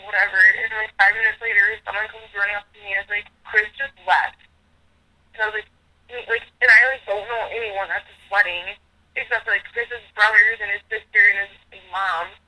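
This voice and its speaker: Very bright-voiced young woman rambling. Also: on the high side, poor audio. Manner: rambling, fills nearly every phrase with "like". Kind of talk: recounting a personal story.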